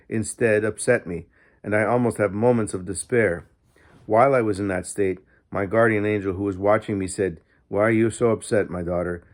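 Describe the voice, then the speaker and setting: A man narrating a diary in the first person, reading steadily and earnestly as an audiobook narrator. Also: lowish voice.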